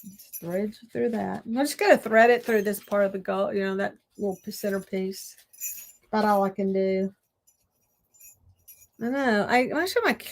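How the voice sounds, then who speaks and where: A woman chatting to her viewers while she crafts, talking to herself and laughing often. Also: mid-range voice. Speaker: crafting vlogger. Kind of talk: casual crafting chat to viewers.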